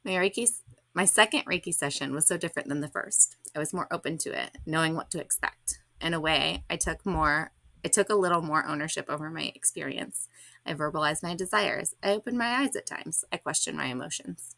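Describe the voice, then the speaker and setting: Low-voiced woman reading her blog. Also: brisk, vocal fry, bright, forceful tone, no echo. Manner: candid, reflective, slightly awkward. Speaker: podcast host.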